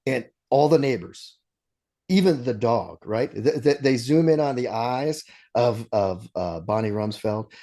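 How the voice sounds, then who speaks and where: A man's voice: medium pitch, unhurried. A man co-hosting a casual movie podcast, retelling scenes with laughs and restarts. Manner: animated storytelling with frequent laughs and restarts. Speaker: podcast co-host.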